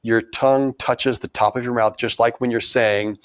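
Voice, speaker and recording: A man's voice: medium pitch, fairly even intonation, normal speed, hardly any pauses, no echo. Man teaching an online band lesson. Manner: counts and chants rhythm syllables aloud. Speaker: music teacher.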